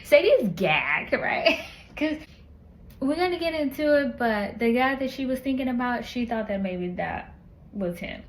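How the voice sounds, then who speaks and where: A woman reviewing a book in casual, animated chat, retelling the plot with slang and lots of asides. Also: high voice, moderate pace, low-quality recording.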